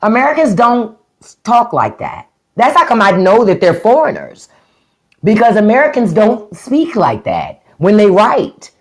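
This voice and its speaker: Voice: medium pitch, huge pitch swings, measured pace. A livestream host giving a blunt, profane, mocking rant to viewers. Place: livestream at home.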